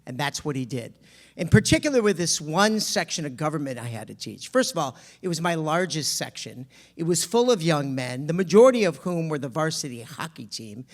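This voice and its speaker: A man's voice: sing-song, a little fast. A man telling a personal story to an audience, acting out the dialogue dramatically. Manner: dramatic, acts out dialogue with big pitch swings.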